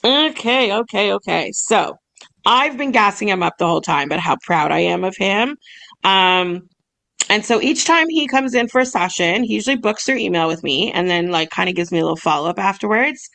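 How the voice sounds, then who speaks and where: A woman's voice: mid-range voice, fairly quick, creaky, fairly bright tone. Bubbly young woman podcast co-host. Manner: bubbly, laughs often, gets choked up. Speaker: podcast co-host, massage business owner. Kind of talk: casual chat, reading emails aloud.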